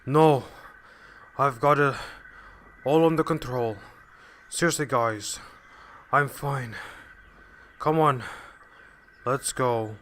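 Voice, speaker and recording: A man's voice: medium pitch, slow pace, long pauses, a bit bright, a little hiss or hum. A man voicing a proud, stubborn male tank engine who brushes off worry. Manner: curt, dismissive.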